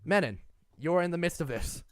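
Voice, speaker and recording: A man's voice: on the high side, lively intonation, moderate pace, no echo. Chatty man running a tabletop game. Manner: chatty, laughs often, hesitant fillers. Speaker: game master.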